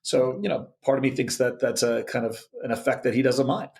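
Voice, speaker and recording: Gravelly man explaining options flow. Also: mid-range voice, fairly even intonation, fairly quick, darkish tone. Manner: thoughtful, many fillers and restarts. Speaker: options volatility guest. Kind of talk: interview answer on markets.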